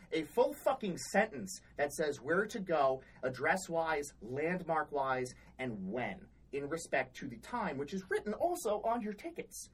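A woman's voice: low voice, husky, rough recording. A woman co-hosting a podcast, telling work stories in a blunt, exasperated, heavily profane casual chat. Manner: blunt, exasperated, swears often. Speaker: podcast co-host.

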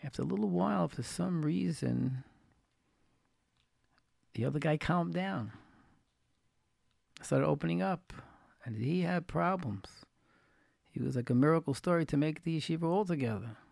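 A man's voice: on the high side, lively intonation, normal speed, vocal fry, long pauses, a little mellow, no echo, studio quality. A man giving a storytelling Torah talk as a religious teacher, folksy and anecdotal, repeating key phrases for emphasis. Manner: folksy, retells anecdotes with quoted dialogue.

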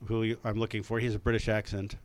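A man's voice: on the low side, monotone, rapid-fire, no echo. Male podcast host, casual, rambling and chuckly, at a studio mic. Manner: rambling, laughs a lot. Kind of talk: casual chat. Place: in a studio at a microphone.

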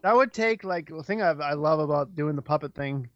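A man's voice: fairly high pitch, animated, brisk, no room sound, dull audio. A man co-hosting a casual podcast, laid-back, swearing casually and trailing into filler words. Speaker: podcast co-host. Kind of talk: casual chat.

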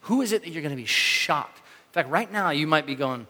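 A man preaching a sermon in a casual, animated way, acting out the reactions of the people in his story. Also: on the high side, fairly quick, long reverb tail. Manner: animated, conversational, acts out quoted reactions. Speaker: pastor.

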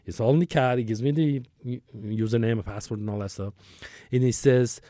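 A man's voice: medium pitch, brisk, hardly any pauses, warm tone, no echo, clean studio sound. A man in his sixties telling a long work story as an interview guest, rambling, with restarts and acted-out dialogue. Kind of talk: conversational storytelling.

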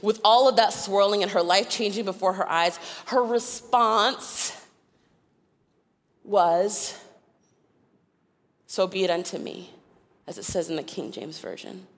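A woman preaching a sermon, telling personal stories with animated delivery and frequent laughter. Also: mid-range voice, measured pace, pauses often, big-room sound. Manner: animated, acts out voices in her stories, laughs often. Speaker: guest preacher. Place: church sanctuary.

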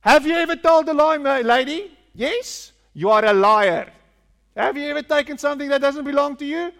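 Man playing pushy street preacher, high and insistent, hall reverb. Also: vocal fry, a bit bright, heavily acted. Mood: accusing. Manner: rapid-fire leading questions. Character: pushy male street evangelist, brisk and accusing.

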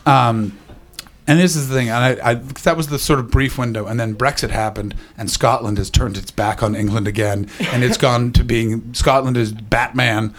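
Profane stand-up comedian. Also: male voice, medium pitch, fairly even intonation, normal speed. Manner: profane, rambling, riffs with the crowd. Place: live comedy venue.

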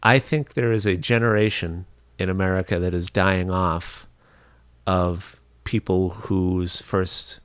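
A man's voice: sits low, fairly even intonation, slow, a bit bright, clear, resonant tone, no echo. A man hosting a podcast interview who asks short questions in a wry, conversational way and laughs along with his guest, on a close mic. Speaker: podcast host.

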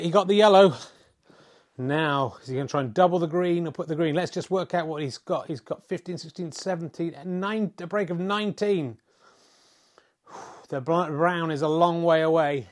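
A man's voice: fairly high pitch, moderate pace. A middle-aged man giving wry, self-mocking mock sports commentary, swearing in mock exasperation at the play. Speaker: comedy snooker commentator.

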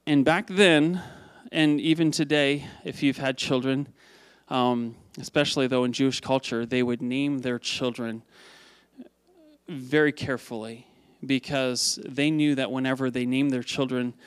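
A male pastor preaching a conversational sermon to a congregation, lively and prone to repeating words as he asks them questions. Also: mid-range voice, a little slow, clear, resonant tone, dry recording.

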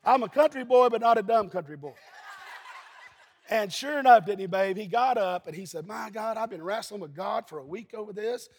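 A pastor from Eastern Kentucky preaching a sermon, telling folksy stories and breaking into shouts. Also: male voice, high voice, moderate pace. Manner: folksy storytelling, bursts into shouting. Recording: husky voice in a long-reverb hall.

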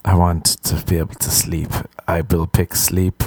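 A man's voice: low-pitched, level tone, normal speed, warm tone, slight background noise. A young Irish man hosting a podcast, ranting in a profane, exasperated, sarcastic comic monologue. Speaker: podcast host. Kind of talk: comedic solo podcast rant.

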